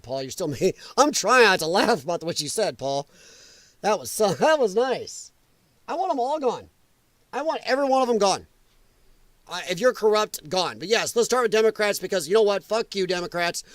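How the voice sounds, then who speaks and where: A man's voice: high voice, no echo. A middle-aged man hosting a late-night political commentary stream, blunt and combative, swearing as he reads and answers chat comments. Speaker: host.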